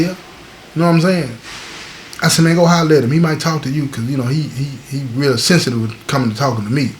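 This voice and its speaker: Man, casual storytelling, animated, acts out other voices, faint background hiss. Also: fast. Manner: animated, voices the other men with rising pitch. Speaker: storyteller host.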